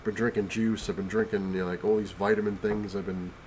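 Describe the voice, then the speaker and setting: A comic collector, sick and winded, vlogs from his couch at home in a lowish, flat, slightly mellow voice at a fairly quick pace. A little hiss or hum sits under the recording. He rambles casually, full of fillers and restarts.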